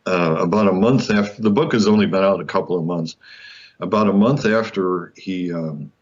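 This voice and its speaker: A man with a very low voice recounts a story as a guest in an interview, acting out the back-and-forth and laughing as he goes. The sound is a little dull and muffled, like a modest remote recording. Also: normal speed, slightly rough. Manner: animated, laughs often, acts out quoted dialogue. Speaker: guest author.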